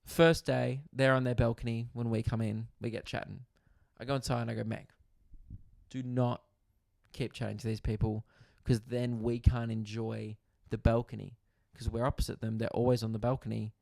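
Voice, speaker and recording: A young man, a comedian hosting his podcast, telling a story in a casual, animated way, swearing freely and acting out other people's voices. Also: mid-range voice, normal speed, vocal fry, dry recording, clean studio sound.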